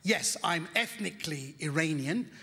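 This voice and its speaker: High-pitched man doing stand-up in a theatre. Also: unhurried. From United Kingdom. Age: 50s. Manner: animated, breaks into shouts and sung lines. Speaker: stand-up comedian. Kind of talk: live stand-up comedy. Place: large theatre. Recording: theatre hall, audience noise. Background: crowd laughter.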